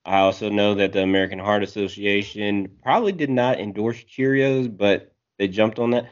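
Dry sarcastic guy, low-ish voice, podcast chat, muffled lo-fi. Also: steady tone, normal speed. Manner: matter-of-fact, dry and sarcastic. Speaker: podcast co-host. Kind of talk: casual chat. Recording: dull lo-fi sound.

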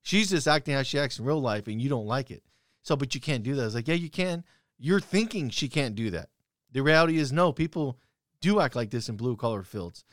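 A man's voice: medium pitch, animated, fairly quick, no echo. Blunt, profane young man, dry sound. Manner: blunt, profane storytelling with heated retorts. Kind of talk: casual profane chat.

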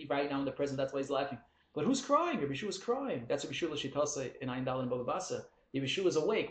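A man teaching a Talmud lesson in Yeshivish English, talking fast and animated, swinging between loud exclamations and low asides. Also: reverberant, a little hiss or hum. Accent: Yeshivish English with Hebrew and Yiddish terms. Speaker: Torah teacher.

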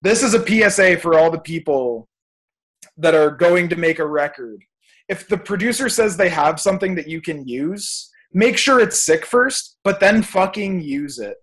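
A man's voice: fairly high pitch, lively intonation, normal speed, fairly bright tone. A young man, a music producer, ranting emphatically and swearing freely as a guest on a podcast. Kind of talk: casual podcast chat.

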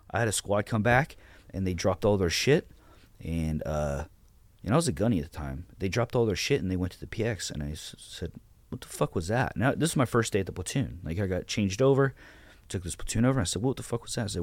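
A blunt, profane man in his thirties, guesting on a podcast, swaps stories about how he ran his platoon and retells the orders he gave. His voice sits fairly low and sounds animated, moving at a quick pace. The recording is dry, with the feel of a casual interview.

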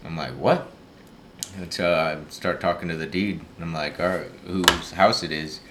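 A young man in casual chat, telling a story in a low-key way and acting out what people said. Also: fairly even intonation, normal speed, background noise.

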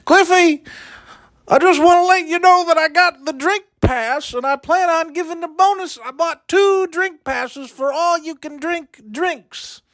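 A man doing a squeaky, smug cruise-ship partier. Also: unhurried, a bit bright, no room sound, studio quality.

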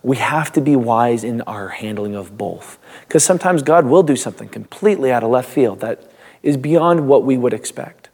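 A man's voice: mid-range voice, expressive, normal speed, darkish tone, slightly rough. Man, pastor, reading scripture and talking through it, casual, mid-range voice. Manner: reads scripture, then talks loosely with restarts and small laughs. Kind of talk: devotional Bible teaching.

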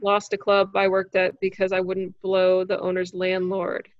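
A woman who is a standup comic, telling a story in casual chat, animated and swearing freely. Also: mid-range voice, normal speed, no echo, dull audio. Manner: animated, acts out quoted voices, swears freely.

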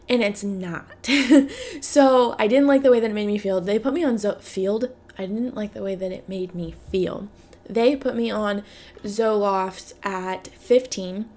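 A woman in her twenties with a mid-range, slightly mellow voice hosts a podcast, speaking candidly about her own life. She has the hiccups, fills her monologue with "like," and swears freely.

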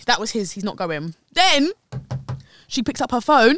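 A young woman co-hosting a podcast, telling stories in a lively way and acting out what people said. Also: on the high side, moderate pace, no echo. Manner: animated storytelling, acting out quotes. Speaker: podcast co-host. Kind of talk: casual chat.

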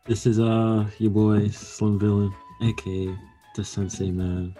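A man co-hosting a podcast in playful casual chat with quick quips. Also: on the low side, flat delivery, mellow, faint music behind. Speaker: podcast co-host.

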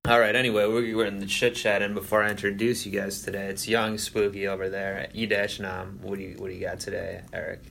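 A man's voice: lowish voice, little pitch movement, brisk, creaky, few pauses, a bit bright, a little hiss or hum. A young man hosting a casual sports podcast, joking and bantering with his co-hosts. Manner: jokey, banter-driven, rambling. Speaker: podcast host.

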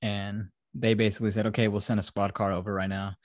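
A young podcast host with a lowish, level voice talks fast, swearing and rambling as he retells a film's plot in casual chat.

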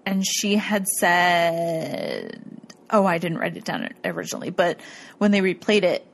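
A woman's voice: on the low side, very animated, unhurried, creaky, a little hiss or hum. A woman casually recapping a show in a rambling way, full of "like" and frequent laughter. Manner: rambling, lots of "like", bursts of laughter. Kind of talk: casual chat recapping a ghost-hunting show.

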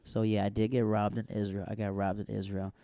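A man's voice: on the low side, little pitch movement, a little fast, vocal fry, dark tone, clean tone, dry recording, clean studio sound. A man chatting casually as a podcast co-host, telling a story animatedly, acting out other people's lines and laughing often. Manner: laughs often while talking. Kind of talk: casual chat.

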